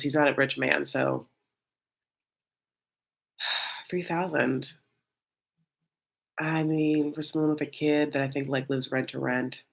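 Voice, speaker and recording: A woman's voice: deep voice, vocal fry. A woman hosting a casual reality-show recap, chatty and loose, full of fillers and calling the audience honey.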